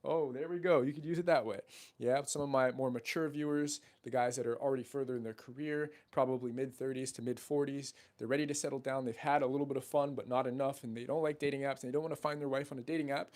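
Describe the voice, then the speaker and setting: A man's voice: medium pitch, fairly even intonation, fast talker, darkish tone. A young man coaching on dating, talking in a brash, profane, salesy way straight to the camera, and now and then acting out his friends' voices. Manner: acts out friends' voices in quotes. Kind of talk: casual talking-head monologue.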